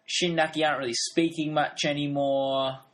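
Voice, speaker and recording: A man's voice: on the high side, fairly quick. A man in casual conversation who laughs a lot and acts out scenes in funny voices. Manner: animated, laughs often, acts out quotes in voices. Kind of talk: casual podcast chat about a TV drama.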